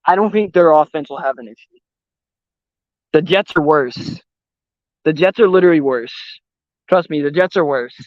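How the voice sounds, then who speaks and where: A man's voice: on the high side, moderate pace, long pauses, no echo. A young man talking outdoors about sports, blunt and profane, with strong opinions. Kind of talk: casual chat. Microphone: voice call or stream mic. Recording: dull, slightly lo-fi dry sound.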